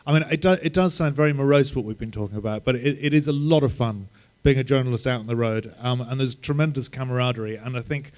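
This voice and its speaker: A man with a mid-pitched voice speaks on a panel. He talks in a measured way and pauses often on ums. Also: darkish tone. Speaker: journalist and panel moderator. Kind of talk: panel talk.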